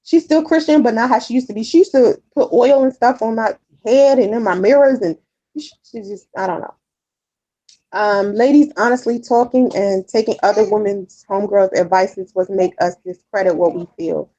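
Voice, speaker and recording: This woman speaks at a normal speed in a mellow, medium-pitched voice, and the sound is lo-fi. She's a vlogger casually responding to viewer comments, candid and chatty, swearing often and rambling through fillers and repeats.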